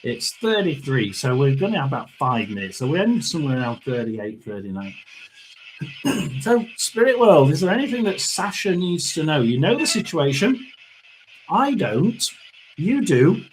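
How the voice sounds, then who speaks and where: Chatty man, lively rising voice. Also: a little high, moderate pace, slight background noise. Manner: chatty, muttering asides, frequent throat clearing. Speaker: tarot reader and spirit box host. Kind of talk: casual live reading.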